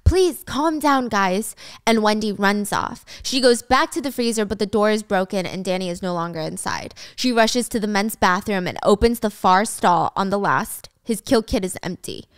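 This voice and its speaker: A young woman hosting a podcast who retells a show as a storytime, lively and casual, with some swearing. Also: medium pitch, moderate pace, hardly any pauses, smooth, no room sound, studio quality. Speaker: podcast host.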